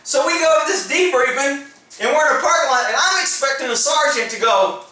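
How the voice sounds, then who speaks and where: A man's voice: extremely high pitch, brisk, sharp tone, very echoey, recorded from a distance, low-quality recording. A man, a former police officer, telling his stories in a casual, laughing, profane way. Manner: laughs often, swears freely, acts out quotes. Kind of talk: casual storytelling to camera.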